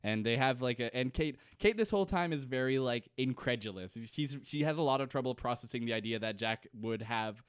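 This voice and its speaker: A man's voice: medium pitch, lively intonation, clean tone, no echo. Man, podcast co-host, casual rambling chat, jokey, dry close sound. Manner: jokey, quick to laugh, loose rambling banter. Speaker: podcast co-host recapping a TV episode.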